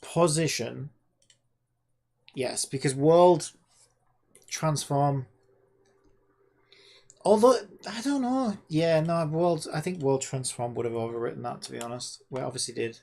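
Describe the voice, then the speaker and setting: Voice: medium pitch, a little slow, gravelly, pauses often, a little mellow. A game developer talking to themself while working, muttering and swearing in frustration at the screen. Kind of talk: casual self-talk while coding.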